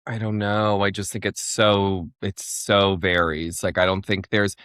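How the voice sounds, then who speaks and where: A man's voice: sits low, little pitch movement, unhurried, a bit bright, smooth, no echo, clean studio sound. A young man from Fargo, North Dakota, a comedian guest on a podcast, rambling and filling his talk with "like" and restarts. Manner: rambling, heavy on "like", many restarts. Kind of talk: casual podcast interview.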